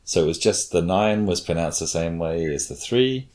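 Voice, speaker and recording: A man with a very low, deep voice talks through his research in a relaxed conversation. He explains things patiently and sometimes demonstrates how phrases should sound. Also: normal speed. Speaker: cognitive scientist guest. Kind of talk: casual explanatory chat.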